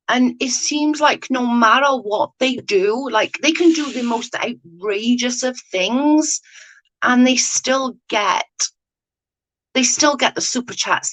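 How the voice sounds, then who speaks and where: A woman's voice: fairly high pitch, fairly bright tone, poor audio. A woman hosting a casual live chat with viewers, blunt and sweary, ranting with lots of "like" fillers. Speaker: livestream host chatting with viewers.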